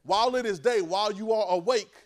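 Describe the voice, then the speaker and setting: A man preaching to a class in a loose, conversational way, often asking "right?" as he goes. He drops to a low murmur and then breaks into sudden loud bursts. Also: a little fast. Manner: call-and-response, keeps asking "right?". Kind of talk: conversational sermon.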